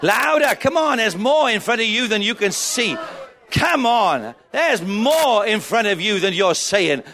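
A man preaching a sermon, urging the congregation to shout back, with a playful manner and little acted-out scenes. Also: high voice, very animated, measured pace. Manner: exhorting, calls on the congregation to shout.

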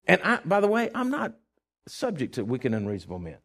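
A man's voice: on the high side, wildly swooping pitch, brisk, fairly bright tone. Man preaching in storytelling, emphatic style. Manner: storytelling, building to emphatic repeated declarations; conversational with frequent fillers and restarts. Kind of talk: sermon.

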